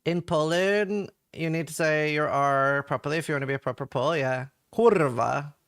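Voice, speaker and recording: A man's voice: on the high side, steady tone, brisk, fairly bright tone, clear, resonant tone. A young Norwegian man with a Norwegian accent, chatting casually and rambling as he reads patch notes and viewer chat on a livestream. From Norway. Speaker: streamer reading patch notes.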